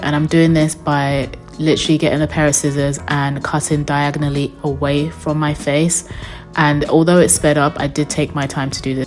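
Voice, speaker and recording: A young woman narrating a wig install tutorial as a voice-over, chatty and upbeat, talking straight to her viewers. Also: deep voice. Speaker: beauty vlogger.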